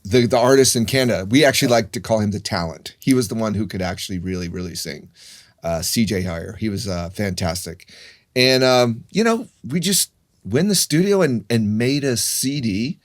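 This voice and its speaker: A man's voice: fairly low pitch, expressive, moderate pace. A man in his fifties, a guest in a casual interview, telling stories in a rambling way with frequent restarts. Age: 50s.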